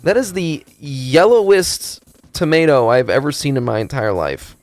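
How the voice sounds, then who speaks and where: A man streaming, chatting casually in a rambling, profane, animated storytelling way. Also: medium pitch, normal speed, no room sound, faint music behind.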